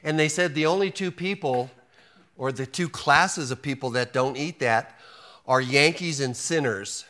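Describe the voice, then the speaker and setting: A man's voice: medium pitch, measured pace, bright, forceful tone. Folksy joking male preacher. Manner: folksy and joking, acts out quotes, frequent restarts. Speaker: pastor. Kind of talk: sermon.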